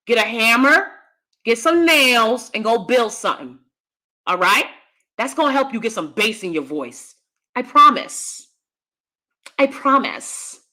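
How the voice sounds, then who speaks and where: An American woman hosting a casual livestream and reading chat, animated and blunt, swinging between a high voice and a deep one, with laughing asides. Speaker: host.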